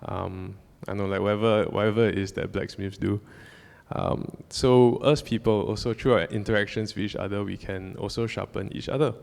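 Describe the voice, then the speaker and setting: In a church hall with long reverb, a young man gives a casual church talk, telling a personal story. He rambles with lots of fillers and restarts, his lowish voice marked by vocal fry.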